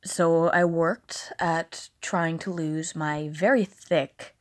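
A woman's voice: low voice, steady tone, slow. A woman vlogger from the American South with a slight Southern accent, talking candidly and casually, swearing now and then. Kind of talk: casual vlog monologue.

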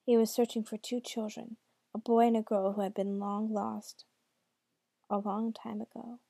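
A woman narrating a dark fairy tale, making wry asides to the listener. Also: medium pitch, flat delivery, moderate pace, vocal fry, no echo. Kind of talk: storybook narration.

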